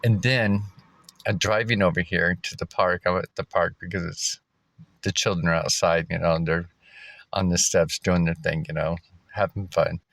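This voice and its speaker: Deep-voiced man rambling casually. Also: fairly even intonation, normal speed, gravelly, fairly bright tone, no room sound. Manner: rambling, many fillers and restarts, chuckling. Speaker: vlogger. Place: outdoors at a park.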